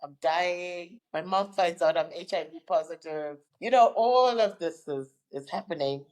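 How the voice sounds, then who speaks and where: A woman's voice: lowish voice, a little slow, darkish tone, rough recording. A woman in her fifties from Zimbabwe, a guest recounting her life story in an interview and acting out the people she quotes. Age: 50s.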